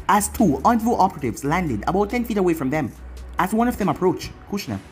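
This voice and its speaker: A storyteller reading a fan fiction aloud in a plain narrating manner. The pitch rises and falls a lot. Faint music runs underneath. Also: sing-song, fast.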